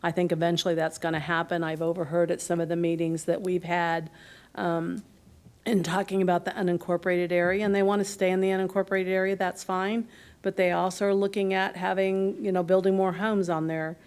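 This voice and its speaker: A woman county commissioner giving her view at a board meeting, halting and repeating herself. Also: on the low side, flat delivery, a little mellow, clean tone. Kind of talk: board discussion.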